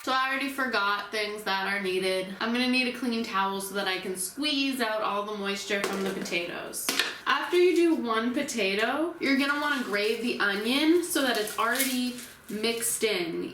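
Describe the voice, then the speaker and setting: A woman's voice: mid-range voice, recorded from a distance, background noise. Chatty woman cooking in an echoey kitchen. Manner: chatty, unsure, self-deprecating while working. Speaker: cooking vlogger. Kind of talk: casual cooking vlog. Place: home kitchen.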